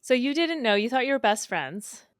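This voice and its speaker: A woman's voice: a little high, very animated, normal speed, dry recording, clean studio sound. A woman hosting a podcast, chatting casually and supportively with her guest while asking follow-up questions. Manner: supportive, responsive interviewer. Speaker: podcast host. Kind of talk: casual interview chat.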